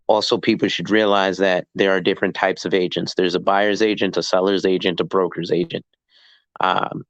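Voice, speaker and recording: A man, a licensed real estate agent, explaining the business in a casual chat and acting out deals in quick asides. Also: fairly low pitch, no room sound, lo-fi sound. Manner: animated, acts out dialogue in quick asides.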